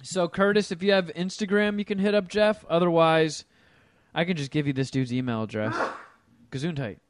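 A man's voice: fairly high pitch, moderate pace, no room sound, clean studio sound. A young man co-hosting a podcast, chatting loosely and swearing freely. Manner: loose, profane, reads listener emails. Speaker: podcast co-host. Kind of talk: casual chat.

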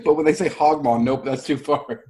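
A man's voice: on the high side, steady tone, moderate pace, warm tone. A man co-hosting a podcast, chatting about favorite sitcom moments, often laughing and restarting his sentences. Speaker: podcast co-host. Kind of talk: casual chat recapping a sitcom.

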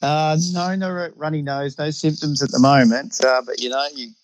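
A man's voice: fairly high pitch, steady tone, normal speed, a little hiss or hum, low-quality recording. An Australian man speaking as a guest on a podcast, talking in a laid-back, easygoing way. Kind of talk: casual interview chat.

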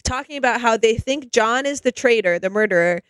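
A woman co-hosting a chatty podcast, retelling scenes in an animated way and peppering her talk with "like.". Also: a little high, fairly quick, smooth, dry recording. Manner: animated storyteller, heavy use of "like". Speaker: podcast co-host. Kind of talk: casual chat, animated retelling.

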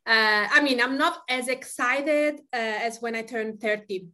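A woman's voice: a little high, a little slow, pushed and bright. A woman in her forties from Tuscany with an Italian accent, hosting a podcast and chatting with fillers. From Tuscany, Italy. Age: 40s. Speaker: podcast host. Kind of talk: podcast chat.

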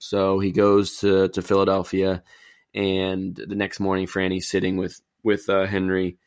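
A man with a low, gravelly voice rambles easygoing through a movie recap. His delivery is relaxed and conversational, and the sound is close and dry with no room around it. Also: a little slow, dry recording. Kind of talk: casual chat, retelling a movie plot.

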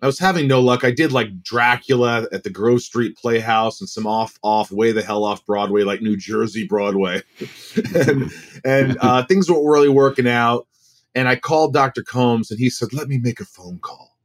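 Animated man telling stories. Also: medium pitch, normal speed. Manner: animated, acts out quoted voices. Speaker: guest actor. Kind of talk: casual storytelling.

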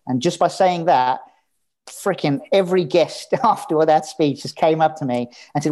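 As a podcast guest in a casual interview, a man with a slightly high, darkish voice tells his story candidly at a moderate pace. He's relaxed and swears now and then.

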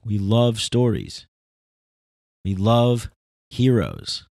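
A man's voice: on the low side, big pitch swings, drawn-out words, creaky, darkish tone, no room sound, studio quality. A man talking in a casual, rambling, philosophical monologue with emphatic bursts.

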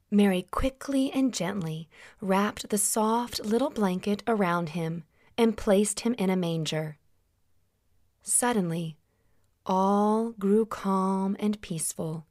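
A woman tells a children's Bible story in a slow, gentle way, pausing to ask her listeners questions. Her voice is still recovering from having been lost. The recording is dry and close. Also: mid-range voice, dry recording. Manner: gentle, slow, asks listeners to answer aloud.

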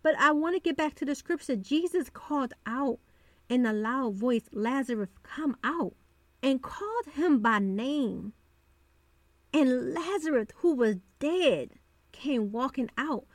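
A woman's voice: sits high, lively intonation, measured pace, dry recording. A woman hosting a devotional podcast, talking earnestly and repeating phrases for emphasis. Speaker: podcast host.

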